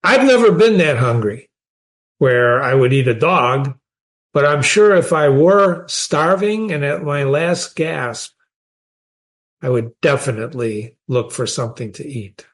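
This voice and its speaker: A man's voice: a little high, lively intonation, unhurried. A man, teaching a short story in a conversational way and often asking the listener questions. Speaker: literature teacher.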